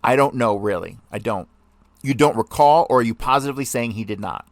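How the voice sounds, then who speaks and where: A man's voice: mid-range voice, brisk, no room sound. Man reading a transcript in a dry room. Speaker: podcast host. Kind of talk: reading a testimony transcript aloud.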